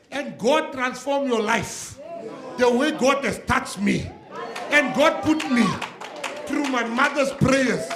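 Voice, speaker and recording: A South African man, a government minister, giving a humorous speech and telling jokey stories to a laughing audience. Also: extremely high pitch. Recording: echoey hall with audience laughter.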